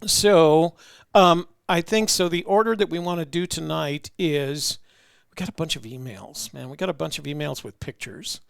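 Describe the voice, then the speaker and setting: A man's voice: a little high, moderate pace, vocal fry, fairly bright tone, clear, resonant tone, no room sound, studio quality. A man hosting a casual livestream chat. He rambles in a friendly way, with lots of fillers and restarts. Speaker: host.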